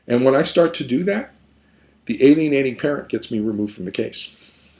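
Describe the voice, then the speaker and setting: A man's voice: medium pitch, lively intonation, moderate pace, darkish tone. A man who works as a therapist, explaining a pattern step by step in an emphatic lecture with repeated phrases. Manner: emphatic, repetitive, building points step by step.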